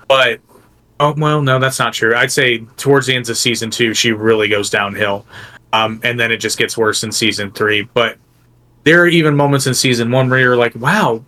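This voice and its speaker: A man's voice: medium pitch, sharp tone. A man co-hosting a podcast in casual chat, rambling on and correcting himself as he goes.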